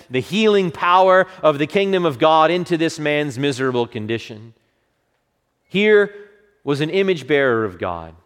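Fervent preacher man in a reverberant hall. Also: on the high side. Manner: fervent, rising to bursts then dropping to hushed quotes. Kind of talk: expository sermon. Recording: long reverb of a large hall.

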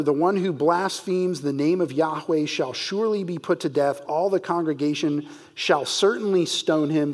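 A man teaching verse by verse through a Bible passage, reading scripture slowly and stressing key words for emphasis. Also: fairly high pitch.

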